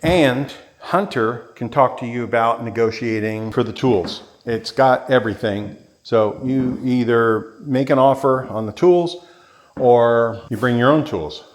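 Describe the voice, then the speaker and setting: Man, mid-pitched, casual agent voice, rambling tool-by-tool patter inside a barn workshop. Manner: rambling, listing tools like an auctioneer. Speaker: real estate agent touring a property. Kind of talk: casual walkthrough vlog.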